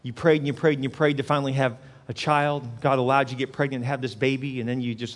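A pastor preaching a sermon, moving from hushed, intimate prayer to loud, impassioned exhortation. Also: male voice, medium pitch, level tone, quick pace, few pauses.

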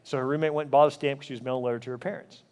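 A man's voice: medium pitch, fairly even intonation, racing, darkish tone. A man preaching a sermon as pastor, telling a story and then building up with emphatic repeated rhetorical questions. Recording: hall reverb.

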